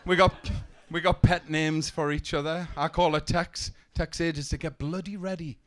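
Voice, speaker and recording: A young man doing a stand-up set, telling deadpan one-liners with stumbling restarts, on a comedy club stage. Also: fairly high pitch, normal speed. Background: audience laughter.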